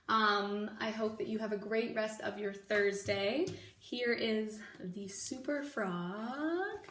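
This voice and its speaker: A woman teacher reads a children's novel aloud, expressive and lively, giving each character a voice of its own. She sounds set back from the microphone, and the room around her adds a clear echo. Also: fairly high pitch. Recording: echoey room, mic at a distance.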